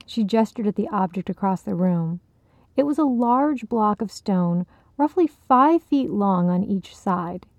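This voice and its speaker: Gravelly woman narrating a story. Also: mid-range voice, expressive, a little slow, a little mellow, no room sound. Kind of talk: audiobook narration.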